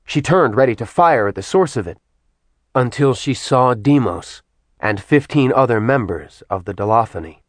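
A man narrates a fantasy audiobook in a steady, even storytelling manner. His voice sits at an average pitch for a man. The sound is dry and close with no echo. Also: moderate pace.

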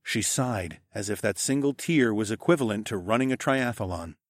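A man narrating a first-person fantasy audiobook in an expressive way, hushing for dialogue tags. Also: on the low side, moderate pace, no echo, studio quality. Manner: expressive, drops to a hush for tags.

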